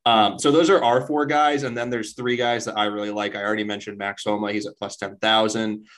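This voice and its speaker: A man co-hosting a casual podcast, brash and profane, quick to banter with his partner. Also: on the low side, level tone, a bit bright, low-quality recording. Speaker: podcast co-host. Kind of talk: casual chat.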